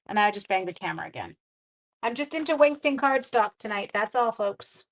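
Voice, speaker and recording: A woman's voice: on the high side, fairly quick, rough recording. Middle-aged woman hosting a live card-making demo; chatty and self-mocking. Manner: chatty, self-deprecating, talks while working. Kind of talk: live-streamed crafting demo.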